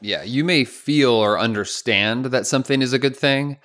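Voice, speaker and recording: A man's voice: medium pitch, moderate pace, a bit bright. A man co-hosting a podcast, talking in a casual, joking, teasing way. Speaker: podcast co-host. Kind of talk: casual chat.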